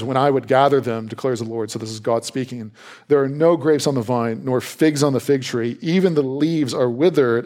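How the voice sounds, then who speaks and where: A male pastor preaching a sermon in a conversational, animated way, with playful asides and quick jumps in pitch when he voices reactions.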